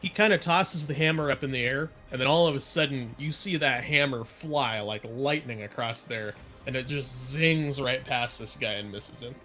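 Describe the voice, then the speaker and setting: A man's voice: mid-range voice, moderate pace, hardly any pauses, sharp tone, soft background music. A man playing a tabletop game, reading rules aloud and thinking things through with some uncertainty. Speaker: player.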